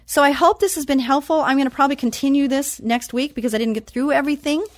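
A woman hosting a Christian talk show who reads scripture slowly and with emphasis, then chats casually. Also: high-pitched, no room sound, clean studio sound.

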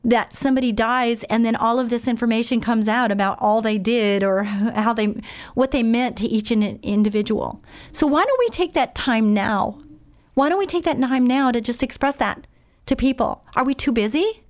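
A woman gives a heartfelt sermon, her voice sitting a little high. She is openly emotional and repeats words to press her point home. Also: moderate pace. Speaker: preacher.

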